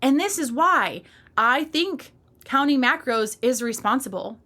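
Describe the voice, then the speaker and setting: A woman's voice: high voice, lively intonation, a little slow, bright, forceful tone. A woman in her thirties hosting a solo fitness podcast, talking in a passionate, emphatic and candid way with casual swearing. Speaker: podcast host and fitness coach.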